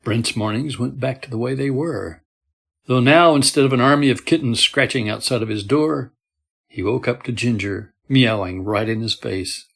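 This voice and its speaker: A man reading a horror story aloud in a steady, measured storytelling manner. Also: mid-range voice, creaky. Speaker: story narrator. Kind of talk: scripted horror narration.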